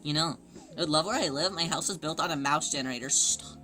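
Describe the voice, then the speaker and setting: A woman livestreamer chatting casually with her viewers, excitable and gushing as she greets people in chat. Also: deep voice, fairly quick, soft background music.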